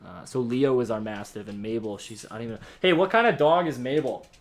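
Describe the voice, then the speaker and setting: A man's voice: mid-range voice, expressive, fast talker. A young man hosting a casual podcast at home, telling a story in a rambling way with lots of fillers. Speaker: podcast host. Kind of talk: casual chat. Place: home with dogs. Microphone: podcast mic with headphones.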